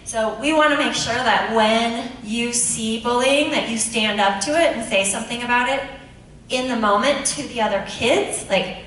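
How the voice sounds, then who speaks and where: A woman's voice: on the high side, normal speed, fairly bright tone. Woman principal in a very echoey room. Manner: friendly, instructive, asks the kids questions. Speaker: middle school principal. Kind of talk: addressing students at a school assembly. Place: large echoey school room. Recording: very echoey room, speaker far from mic, faint noise.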